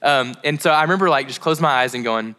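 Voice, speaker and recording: A man's voice: medium pitch, fast talker, pushed and bright, clean tone. A young man preaching a casual sermon to a live crowd, chatty and rambling with fillers and tangents.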